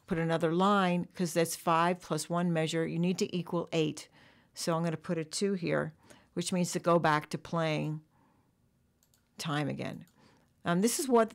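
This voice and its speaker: A woman drum teacher walking through a software tutorial, explaining step by step. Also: fairly low pitch, gravelly. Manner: explanatory, counts bars aloud along with the music.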